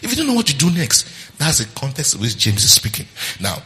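A pastor with a mid-range voice preaches a sermon fast, his pitch swooping wildly and his tone sharp, with a long reverb tail behind him. He calls on the congregation to respond and acts out quotes in different voices.

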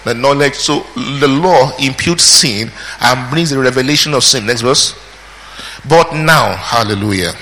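A man preaching a verse-by-verse Bible teaching, pausing to quiz the congregation with call-and-response questions. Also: medium pitch, bright, forceful tone. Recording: hall reverb, faint ambience.

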